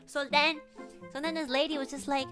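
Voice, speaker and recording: A young woman streamer telling a story in casual chat, lively and full of "like" fillers. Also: sits high, a little fast. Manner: animated, with many "like" fillers and laughs. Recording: background music.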